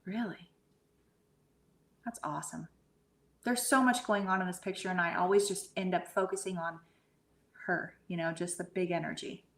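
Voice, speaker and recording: A woman talking in a relaxed, gushing way about pictures and energy, speaking over a remote call. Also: fairly low pitch, normal speed, pauses often. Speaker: guest medium. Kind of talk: casual podcast chat.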